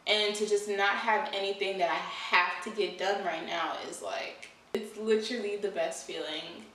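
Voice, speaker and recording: A woman's voice: medium pitch, fairly even intonation, normal speed, fairly bright tone, distant mic, slight background noise. A young woman vlogging candidly and earnestly about her life, talking in a loose conversational way with lots of "you know" and "like". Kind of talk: candid personal vlog. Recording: very echoey room, voice away from mic.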